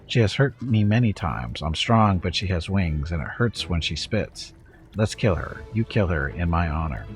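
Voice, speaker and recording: A man's voice: deep voice, animated, normal speed, faint music behind. A man doing a whiny, gurgling demon queen. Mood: whining. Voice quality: gurgling, purring. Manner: whiny, petulant, falsely flirtatious. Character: petulant self-pitying female demon queen.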